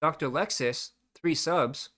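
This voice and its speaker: A man's voice: fairly high pitch, slow, fairly bright tone. A man giving sarcastic, mocking reaction commentary over stream clips.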